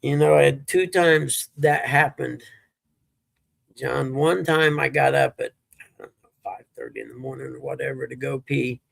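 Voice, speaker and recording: A man's voice: mid-range voice, no echo. A middle-aged man, telling rambling stories as a livestream host in casual chat. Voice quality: gravelly, husky. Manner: rambling, laid-back storytelling.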